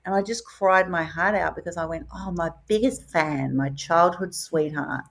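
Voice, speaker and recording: A woman, telling her own career story in an animated interview and acting out quoted dialogue. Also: normal speed, gravelly. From Australia. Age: 50s. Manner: lively, acts out quoted dialogue with big pitch swings. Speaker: podcast host sharing her story.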